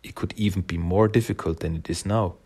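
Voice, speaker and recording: A man voicing a calm, thoughtful young male mutant turtle, reading his lines in a quiet, measured, slightly lower voice. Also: breathy edge. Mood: reassuring.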